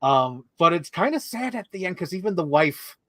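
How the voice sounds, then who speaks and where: A man's voice: high-pitched, sing-song, normal speed, fairly bright tone, dry recording. Chatty young man with a dry, close sound. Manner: enthusiastic, talks in long run-on lists with many "like"s. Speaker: co-host. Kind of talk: casual movie discussion.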